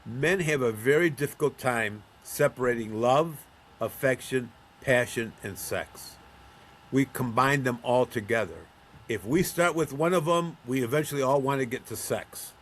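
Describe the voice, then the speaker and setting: A man's voice: mid-range voice, moderate pace, a little hiss or hum. A man from Buffalo, New York, a middle-aged or older counselor being interviewed, telling stories and acting out the voices of the people in them. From Buffalo, New York, USA. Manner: storytelling, acts out quoted voices. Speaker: guest, counselor of men. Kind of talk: conversational interview.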